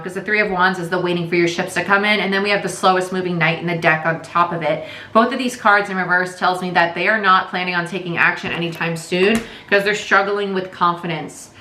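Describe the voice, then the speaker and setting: A woman's voice: on the low side, sharp tone, reverberant, a little hiss or hum. A woman giving a casual, chatty tarot reading, speaking candidly and swearing now and then. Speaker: tarot reader.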